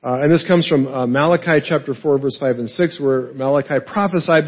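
A man's voice: on the high side, a little fast, hardly any pauses, breathy edge, muffled recording. A man preaching a teaching sermon, explaining as he goes with frequent "right?" and filler words. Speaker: pastor.

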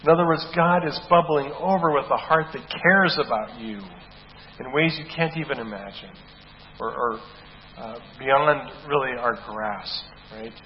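A man preaching a sermon with emphatic delivery, checking in with "right?" and slowing down to read scripture. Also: medium pitch. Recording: dull echoey hall recording with faint hiss.

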